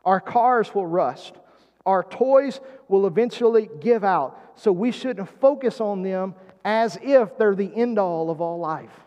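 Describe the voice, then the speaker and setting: A man's voice: sits high, animated, measured pace, darkish tone, dull audio. A man preaching a sermon as pastor, drawing the congregation in with calls and questions. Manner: preaching with call-and-response prompts. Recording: long hall reverb.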